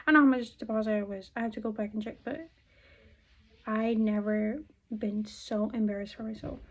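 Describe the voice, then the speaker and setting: A woman's voice: fairly high pitch, poor audio. A young woman vlogging casually while doing her makeup, chatty and profane, rambling between topics and sometimes dropping to a murmur. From California. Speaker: beauty vlogger.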